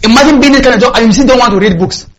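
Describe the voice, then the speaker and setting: A man preaching a sermon in a church, emphatic, calling out to the congregation and rising to shouts. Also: extremely high pitch, racing, poor audio. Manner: call-and-response with congregation.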